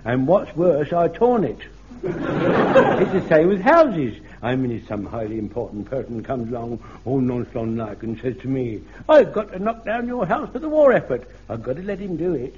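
A man's voice: mid-range voice, big pitch swings, moderate pace, darkish tone, lightly acted. An actor playing a flustered, eager elderly platoon man who rambles and stammers in a vintage radio comedy. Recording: dull lo-fi archive radio recording with faint hiss.

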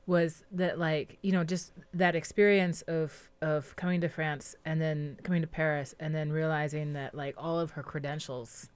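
A woman's voice: low-pitched, fairly even intonation, normal speed, hardly any pauses, smooth. A woman guest on a radio show, talking casually with many fillers and laughing easily. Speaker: documentary filmmaker guest. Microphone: studio microphone.

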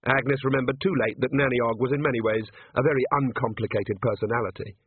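A man reading a novel aloud as narrator, in measured, even storytelling. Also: mid-range voice, slightly rough, dry recording. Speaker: audiobook narrator. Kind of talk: scripted narration. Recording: dry, narrow phone-like band.

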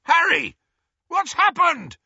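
A man voicing a huge, rough-spoken half-giant male gamekeeper in an audiobook, yelling over engine noise. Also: very high-pitched, wildly swooping pitch, slow pace, no room sound, lo-fi sound, voice pushed up, exaggerated voice. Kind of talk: audiobook character voice.

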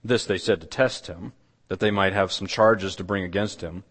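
A man preaching a sermon, retelling a scripture story dramatically and dropping his voice to a near hush. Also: low-pitched, fairly even intonation, moderate pace, in a large hall. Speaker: pastor. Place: church.

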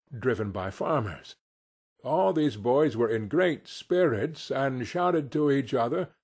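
Slow, husky male storyteller. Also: medium pitch. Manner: expressive, unhurried storytelling. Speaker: audiobook narrator. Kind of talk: scripted narration.

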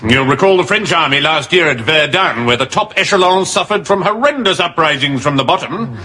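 A man playing a pompous, blustering army general in a studio sitcom, booming his words. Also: expressive, brisk, bright, forceful tone.

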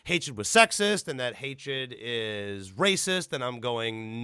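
A man hosting a casual chat, ranting animatedly with a lot of swearing, and jumping to high pitch when he stresses a point. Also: sing-song, slow, sharp tone, clean tone, no echo, studio quality.

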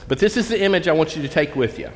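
A man preaching a sermon as pastor, talking in a folksy, conversational way and reading scripture slowly. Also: a little high, expressive, slight background noise. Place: church sanctuary. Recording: long church reverb.

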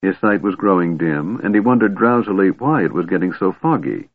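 A man narrates a fantasy novel in a steady, measured audiobook reading. His voice sits very low and husky. The recording is dry and thin, like a telephone line. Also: no echo. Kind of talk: scripted narration. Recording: tinny phone-like band, dry.

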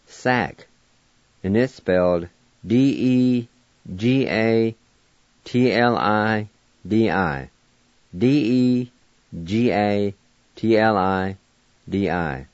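Man, radio language teacher, slow and patient, spells letters, lowish voice, dull lo-fi sound. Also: dry recording. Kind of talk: slow spelling and pronunciation lesson.

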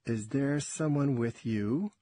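A man's voice: mid-range voice, slow, mellow, no room sound. A man voicing a shaken man who talks urgently and stammers. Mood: anxious. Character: rattled older man, anxious and shaken.

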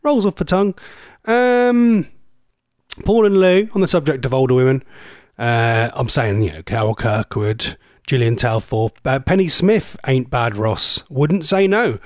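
A man's voice: medium pitch, measured pace, no room sound, studio quality. A man, hosting a radio show in a jokey, chatty way and slipping into silly impressions. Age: 40s. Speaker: radio presenter. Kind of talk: casual radio chat.

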